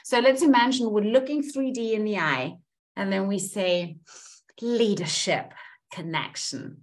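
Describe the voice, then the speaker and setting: A woman coach leading a group through tapping, speaking repeated affirmations in a slow, chant-like way. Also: mid-range voice.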